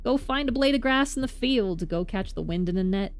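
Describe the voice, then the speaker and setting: A woman's voice: mid-range voice, lively intonation, brisk, natural voice. Woman doing a tough new york thug guy from a game, cagey, clipped, faint music behind. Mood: stubborn. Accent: attempted New York accent. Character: gruff male street thug, evasive and stubborn.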